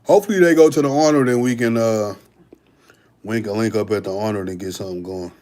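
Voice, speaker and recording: A man's voice: on the low side, fast talker, mellow. Laid-back man answering livestream chat. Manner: laid-back, chats with viewers, slangy, restarts often. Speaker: bodybuilder livestream host. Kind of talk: casual livestream Q&A.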